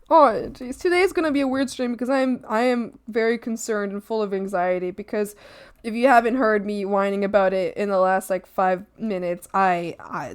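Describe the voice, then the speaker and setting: A woman art streamer chatting casually with her viewers while she draws, excitable and giggly, often squealing and pleading with her chat. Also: mid-range voice, moderate pace, smooth, faint music behind. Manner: talks to chat and greets viewers by name.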